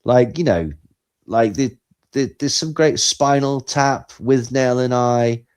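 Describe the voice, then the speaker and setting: A man co-hosting a podcast, talking in animated, sarcastic commentary that swings between loud and quiet. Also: mid-range voice, slow, clear, resonant tone. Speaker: podcast co-host. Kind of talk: casual commentary chat.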